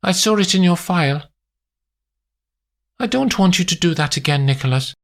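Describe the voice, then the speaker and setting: A man reading a story aloud, voicing a calm, clinical female agent in a measured, unemotional way. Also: sits high, voice pushed up.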